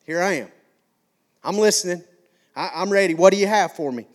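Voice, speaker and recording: Folksy pastor, tenor-high voice, chatty preaching style. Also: male voice, brisk. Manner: folksy, conversational preaching with repetition. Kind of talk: sermon.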